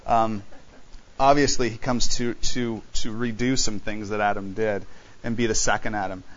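A man preaching a sermon, animated and full of rhetorical questions, reading scripture aloud. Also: on the low side, normal speed, dull audio.

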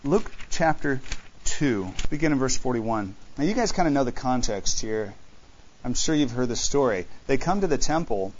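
A man preaching a sermon, animated and full of rhetorical questions, reading scripture aloud. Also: mid-range voice, normal speed, dull audio, slight background noise.

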